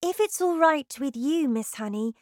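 A woman reading aloud who puts on a clever, bold little girl, speaking with eager, bright questions. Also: sits high, expressive, moderate pace, no echo, studio quality, voice pushed up. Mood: polite.

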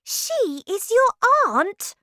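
A woman reading aloud who puts on a clever, bold little girl, speaking with eager, bright questions. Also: sits high, lively intonation, measured pace, no room sound, studio quality, pitched above the performer's own voice.

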